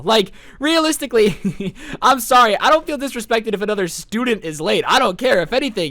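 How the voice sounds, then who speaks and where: A young man telling a high school story in a storytime vlog, animated, sarcastic and joking. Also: fairly quick, no room sound.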